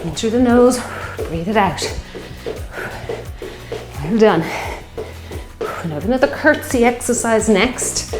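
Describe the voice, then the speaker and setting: Her fairly high voice is animated yet slow, with frequent pauses, as this fitness instructor in her 50s cheers her class on. Now and then she's a little winded, and workout music plays in an echoey space.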